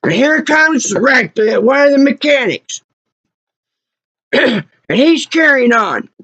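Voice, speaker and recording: This Oklahoma vlogger is a woman with a high, animated, fairly bright voice who speaks slowly. She angrily recounts something that happened to her, repeating herself as her voice climbs. There's no room sound, though the lo-fi recording is muffled.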